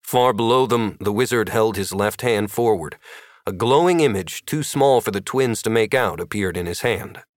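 A man narrating an audiobook in a lively, expressive reading. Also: lowish voice, moderate pace, dry recording, studio quality.

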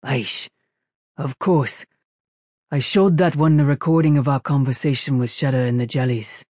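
A man's voice: mid-range voice, fairly even intonation, moderate pace, a little mellow, no room sound, clean studio sound, natural voice. A man doing a curt, brusque ship engineer woman.

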